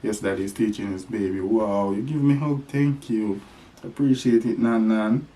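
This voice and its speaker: Over slight background noise, a man with a fairly low, mellow voice talks at a moderate pace to his baby in a home vlog. He teaches the toddler playfully in a sing-song voice full of animal sounds.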